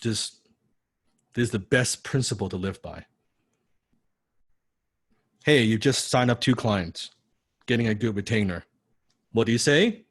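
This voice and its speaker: Brief: male coach, blunt and salty, drives points home, lowish voice, dry close sound. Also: normal speed, pauses often, no room sound. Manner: blunt, profane, keeps asking "right?"; repeats key lines for emphasis. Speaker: copywriting coach. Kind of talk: live online coaching class.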